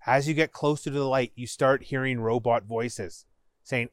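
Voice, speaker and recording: Guy narrating a choose-your-path story, measured and low, dry close mic. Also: steady tone, no echo. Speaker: podcast host and storyteller.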